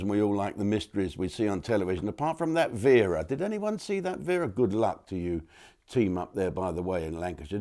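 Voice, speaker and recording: A man's voice: fairly low pitch, a little mellow. A man hosting his own channel, talking through a rambling comic monologue with digressions and mock outrage. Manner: chatty, digressive, with frequent restarts and mock outrage.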